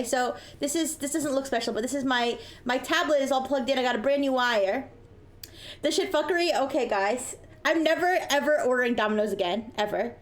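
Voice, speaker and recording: A woman streamer chatting casually at her desk microphone, telling an animated story and acting out the people in it. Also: sits high. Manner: animated storytelling, acts out yelling voices. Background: soft music.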